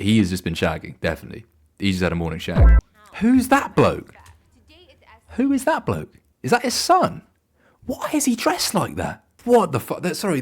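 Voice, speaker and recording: A young man streaming a game, rambling and joking crudely in casual banter. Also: lowish voice. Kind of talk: casual gaming stream commentary.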